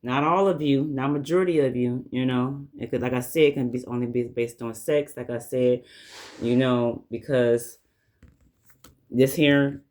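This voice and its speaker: Southern man, tarot reader, casual rambling delivery, mid-range voice, drawls out the card messages slowly. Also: mid-range voice, fairly even intonation, a little mellow. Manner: rambling, repeats "like I said" and "you know". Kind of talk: casual tarot reading to camera.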